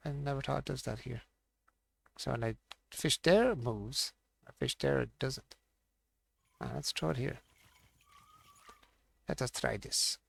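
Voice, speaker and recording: A man's voice: medium pitch, unhurried, creaky, long pauses, breathy edge. A man streaming a fishing game, thinking aloud and muttering to himself as he plays. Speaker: gaming streamer. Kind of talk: casual live-stream commentary.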